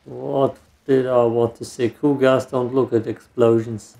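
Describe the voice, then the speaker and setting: A man's mid-range voice barely moves in pitch; he's unhurried, creaky and mellow. He's a gameplay streamer making dry, self-mocking remarks in casual let's play commentary while playing a video game.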